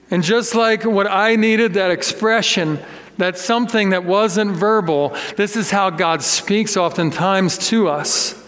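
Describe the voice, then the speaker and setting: A man preaching a sermon as pastor, telling a personal story in an animated, self-deprecating way. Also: high voice. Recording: long echoey reverb of a hall.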